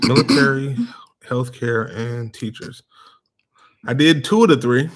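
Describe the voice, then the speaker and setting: A man co-hosting a family vlog, chatting casually and telling stories in a laid-back way with relaxed slang. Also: medium pitch, slow. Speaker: co-host of a family vlog channel. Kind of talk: casual chat.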